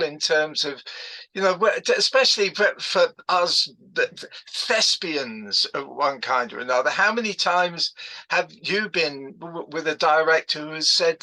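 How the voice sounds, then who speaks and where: A man from Essex, an actor, telling stories in a reflective, animated way during a casual video call chat. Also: fairly high pitch, a little slow, poor audio. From Essex, England. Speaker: actor in discussion group.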